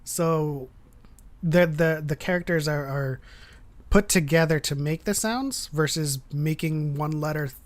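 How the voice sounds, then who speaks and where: A man's voice: a little high, a little slow. A man hosting a casual stream chat, explaining at length with many ums and restarts. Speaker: host.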